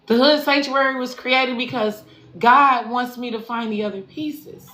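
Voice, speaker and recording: A woman's voice: fairly high pitch, fairly even intonation, moderate pace, pushed and bright. A woman spiritual life coach closing a live stream, slangy, affirming and profane, repeating phrases for emphasis. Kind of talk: live-stream sign-off to followers. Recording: echoey room with faint background noise.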